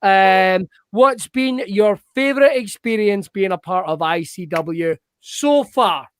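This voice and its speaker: A man's voice: high-pitched, takes it slowly, clean tone. Sweary man hosting. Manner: banterous, sweary, teasing. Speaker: host. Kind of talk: casual chat, Q&A.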